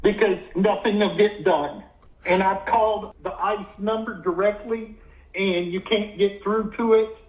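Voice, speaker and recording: A man in a recorded clip complaining in a frustrated, halting way about being unable to get through on a phone line. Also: high voice, steady tone. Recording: dull echoey clip played on stream.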